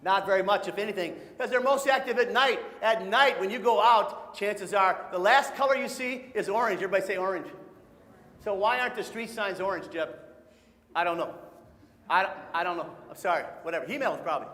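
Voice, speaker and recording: A man's voice: high voice, brisk, bright, forceful tone. A middle-aged man from Michigan giving a live nature presentation to families, playful, joking and leading the audience in call-and-response and short songs. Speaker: nature educator. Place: large hall with an audience. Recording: echoey hall.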